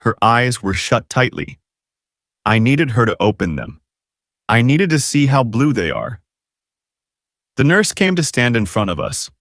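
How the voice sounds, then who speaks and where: A man's voice: medium pitch, big pitch swings, a little slow, pauses often, fairly bright tone, no echo, clean studio sound. A man narrating a romance novel audiobook in the first person, with dramatic, emotive storytelling.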